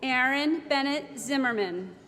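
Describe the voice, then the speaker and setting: A woman reading out graduates' names one by one at a commencement, slow and measured, over a podium microphone. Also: high-pitched, animated, a little hiss or hum. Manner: slow, measured name-by-name announcing. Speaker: commencement name reader. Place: large ceremony hall. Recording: echoey hall with loud crowd ambience.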